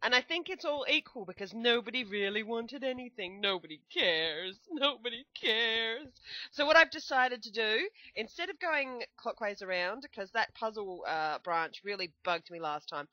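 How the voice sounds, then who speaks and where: A woman's voice: fairly high pitch, sharp tone, no room sound, muffled recording. A young woman doing playful, joking commentary on a video game. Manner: playful, joking, self-mocking. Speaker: gameplay commentator. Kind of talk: let's play commentary.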